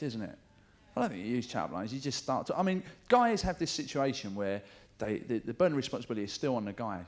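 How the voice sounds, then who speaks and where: A middle-aged man doing live stand-up, chatty and swearing, mimicking voices for jokes, with audience laughter behind him. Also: medium pitch. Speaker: stand-up comedian. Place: comedy club stage.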